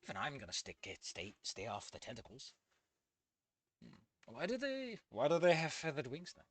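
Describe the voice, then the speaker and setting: A man's voice: mid-range voice, wildly swooping pitch, normal speed, breathy edge, no room sound. A man giving casual commentary on a fan fiction he reads aloud, ranting in a profane, exasperated way.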